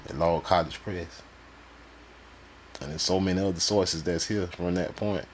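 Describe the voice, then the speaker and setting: A man's voice: low voice, fairly even intonation, slight background noise. A man live streaming, reading sources aloud and breaking off into loose, slangy, mocking commentary. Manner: loose slangy talk, quick to laugh and mock.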